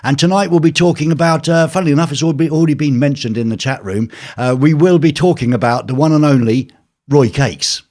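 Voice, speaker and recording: A man hosting a live stream from his home flat, chatting casually with viewers in a jokey, rambling way full of fillers. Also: on the high side, quick pace. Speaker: live show host.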